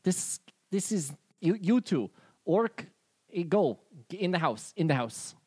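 A brusque sorceress barks short, halting orders in a tabletop game, her voice raised a little above the speaker's own, as a game master puts her on. The recording is close and dry. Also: fairly low pitch, big pitch swings, darkish tone, husky, dry recording, pitched above the performer's own voice, full character voice. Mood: commanding. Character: brusque woman who puts people to sleep.

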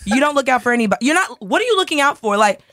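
Animated woman telling a story. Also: high-pitched, racing, slight background noise. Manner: animated storyteller, acts out quoted dialogue. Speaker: podcast co-host. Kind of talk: casual chat, storytelling.

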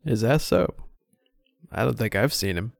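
A man's voice: mid-range voice, animated, measured pace, creaky, no room sound, pitched above the performer's own voice. A man voicing an easygoing grown man who humors a child with dry, good-humored teasing. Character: easygoing adult stepfather, gently joking.

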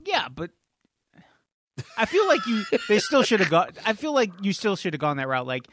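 A man's voice: sits high, huge pitch swings, moderate pace, background noise. A man co-hosting a podcast, chatty and joking as he gives his opinions. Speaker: podcast co-host. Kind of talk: casual chat.

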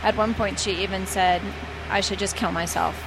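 A woman's voice: mid-range voice, steady tone, moderate pace, noisy background. A woman who works as a flight attendant, telling stories in a casual, chatty way with many fillers and restarts. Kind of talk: casual storytelling.

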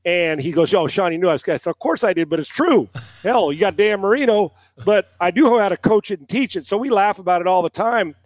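Ex-quarterback guest, middle-aged man, tells stories with swearing and voiced quotes, high and dry. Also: fast talker, few pauses, no room sound. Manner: animated storyteller, acts out quotes, swears casually. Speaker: guest, former NFL quarterback and analyst. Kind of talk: casual storytelling on a podcast.

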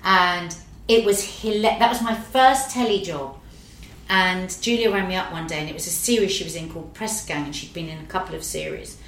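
A middle-aged woman, an actress, telling lively anecdotes in casual chat and swearing freely. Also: on the low side, brisk. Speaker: actress guest. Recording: roomy echo.

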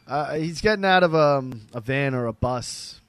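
A man's voice: medium pitch, normal speed, clean tone, no echo. A man in casual chat, bluntly telling stories and swearing a lot. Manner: blunt, profane, animated storytelling.

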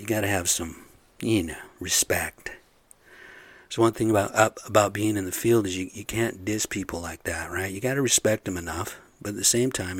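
A man's voice: deep voice, slightly rough, no echo. Profane, blunt construction foreman venting. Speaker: construction site supervisor. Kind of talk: casual rant to camera.

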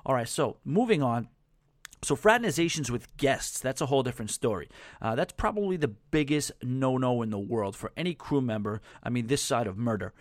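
A man's voice: medium pitch, lively intonation, brisk, no echo, studio quality. A man hosting a podcast, telling stories in a chatty, rambling way with lots of fillers and chuckles. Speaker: podcast host. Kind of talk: casual podcast storytelling.

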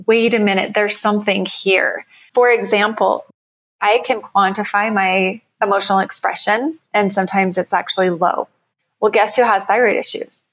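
A woman company founder, guest on an interview, explaining her work energetically with quick everyday examples. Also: medium pitch, rough recording. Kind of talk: conversational interview.

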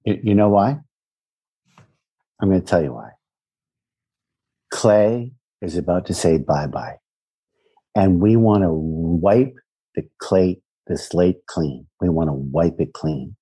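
A man talking on a podcast about a show he was in, his speech lively and full of swearing. His voice is warm and somewhat husky, and he keeps the banter jokey. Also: deep voice, takes it slowly, pauses often. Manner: profane, animated, jokey. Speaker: podcast co-host, former cast member. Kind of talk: casual chat.

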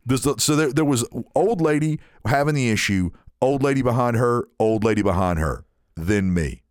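A man telling a long story in casual chat, animated and full of restarts. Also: mid-range voice, moderate pace, no room sound, clean studio sound. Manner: animated, frequent restarts, mimics others in story.

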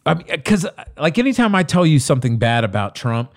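A man in casual political banter, rambling and animated, restarting his sentences. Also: fairly high pitch, fairly quick.

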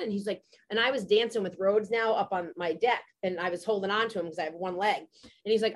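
A woman in her forties, a podcast host, telling a story in casual chat, animated and profane, with many "like" fillers. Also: medium pitch, fast. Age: 40s.

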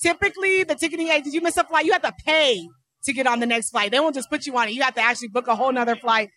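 A woman co-hosting a podcast, telling a story in animated casual chat and acting out the quotes. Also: sits high, racing, no room sound. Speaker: podcast co-host.

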